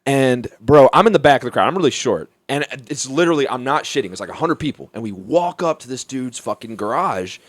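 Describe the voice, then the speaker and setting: A young man from Alabama, a comedian guest telling a story in a profane, animated way, laughing as he goes. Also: mid-range voice, brisk, hardly any pauses, no echo. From Mobile, Alabama, US. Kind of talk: casual storytelling.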